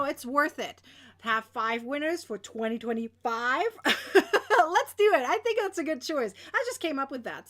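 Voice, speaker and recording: A young woman hosting a crochet giveaway in casual livestream chat, bubbly and squealing with excitement. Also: high voice.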